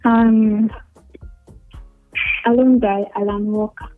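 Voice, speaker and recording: A shy female caller answering briefly down a tinny phone line. Her voice sits a little high, with clear music playing behind it. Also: little pitch movement, takes it slowly. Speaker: young caller.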